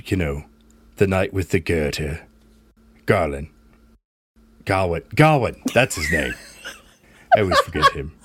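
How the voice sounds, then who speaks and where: A man's voice: extremely low pitch, slightly rough, no echo, full character voice. A man playing Merlin, a kindly talking book. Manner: gentle, rambling and reassuring. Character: Merlin as an old talking book, wise and kind.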